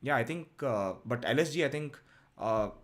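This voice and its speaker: A man's voice: medium pitch, animated, moderate pace, crowd noise. Hesitant man in casual cricket chat. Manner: hesitant, many fillers and restarts. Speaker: cricket podcast co-host.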